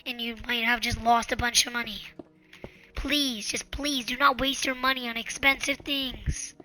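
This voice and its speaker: A woman hosting her own channel, giving casual advice in an earnest, pleading, repetitive way and sometimes dropping into soft whispers. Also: a little high, little pitch movement, moderate pace, faint music behind. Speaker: channel host.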